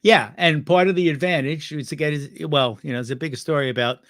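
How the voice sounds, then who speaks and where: A man's voice: fairly high pitch, brisk, fairly bright tone, no echo, clean studio sound. A man chatting as a guest on a talk show, telling rambling anecdotes and laughing at his own stories. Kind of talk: casual chat.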